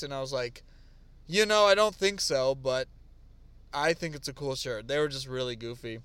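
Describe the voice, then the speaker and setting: A man co-hosting a casual podcast, rambling through stories with plenty of fillers. His voice sits a bit high and comes through smooth and resonant. The room is dry, with no reverb. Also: fairly quick. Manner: animated storytelling with lots of fillers. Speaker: podcast co-host. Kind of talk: casual chat.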